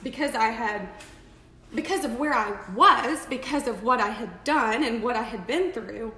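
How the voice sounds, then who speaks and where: A woman's voice: fairly high pitch, normal speed, sharp tone. Chatty woman in an echoey room. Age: 30s. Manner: chatty, rambling, emphatic, full of restarts and "like". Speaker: makeup seller on a live video. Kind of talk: casual live-stream talk.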